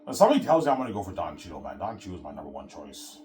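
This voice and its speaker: A man's voice: sits low, sing-song, rapid-fire, over music. A man talking casually in a rambling solo vlog monologue, swearing and repeating himself. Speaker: vlogger.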